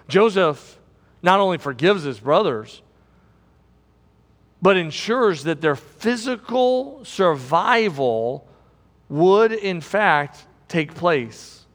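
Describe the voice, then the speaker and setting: A man's voice: on the high side, unhurried, big-room sound. A man preaching a sermon as pastor in a large auditorium, building with emphasis and repeating his phrases.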